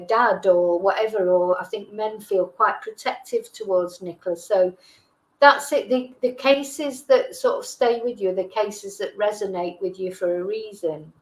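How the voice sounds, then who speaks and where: A woman's voice: medium pitch, low-quality recording. A middle-aged woman from England hosting a live stream, chatting casually and reading out viewer comments, with frequent hesitations and self-corrections. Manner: rambling, hesitant, many fillers and self-corrections. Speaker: livestream host.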